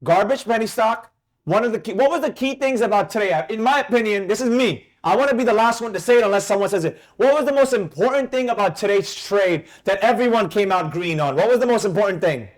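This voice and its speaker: Male trading teacher, high voice, animated and emphatic, fires questions at students. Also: fast. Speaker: trading instructor. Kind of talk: live trading class discussion.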